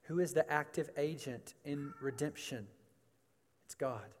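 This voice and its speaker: Slow, emphatic male preacher in a reverberant hall. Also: fairly high pitch. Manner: emphatic preaching, rhetorical questions, repeated phrases. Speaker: pastor. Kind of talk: sermon.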